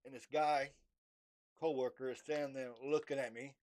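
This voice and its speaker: A young man in a casual, halting vlog monologue, with many fillers and restarts, acting out imagined dialogue. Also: medium pitch, steady tone, a little mellow. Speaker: vlogger.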